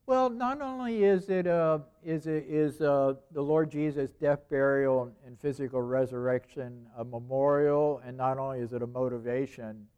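A man's voice: medium pitch, moderate pace, hardly any pauses, darkish tone, clear, resonant tone, lo-fi sound. A man preaching a sermon in a conversational way, repeating phrases and asking rhetorical questions.

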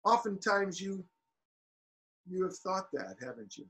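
A man preaching a sermon, building to shouted peaks and then dropping quiet, with halting restarts. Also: high voice, very animated, low-quality recording.

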